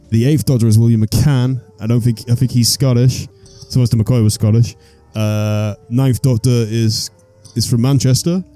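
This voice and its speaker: A man's voice: medium pitch, dark tone. Chatty man, laughing a lot. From Wales. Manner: rambling, laughs often. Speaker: podcast host. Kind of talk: casual comedy chat.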